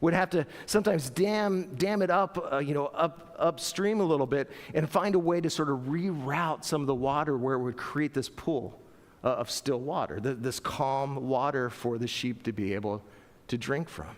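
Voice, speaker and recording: A middle-aged male pastor preaching a sermon in a church, animated and playful, acting out voices with laughter. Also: mid-range voice, normal speed. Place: church sanctuary. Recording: long church reverb.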